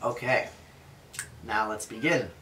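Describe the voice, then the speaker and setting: A man's voice: on the low side, slow, bright, forceful tone, reverberant, a little hiss or hum. A man reading an ancient epic aloud and explaining it in a casual, chatty way with jokey asides.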